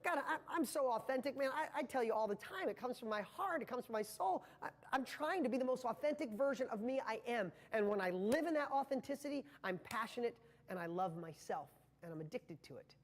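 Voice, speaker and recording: A man's voice: very high-pitched, lively intonation, brisk, few pauses, in a large hall, a little hiss or hum. A man giving a live motivational training talk to viewers, speaking with passion and a rambling flow full of restarts.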